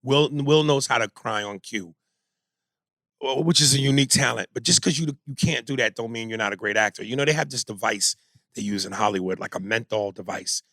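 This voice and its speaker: A man co-hosting a podcast in casual chat, talking in an animated, emphatic and profane way. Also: medium pitch, brisk, dry recording, studio quality. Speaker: podcast co-host.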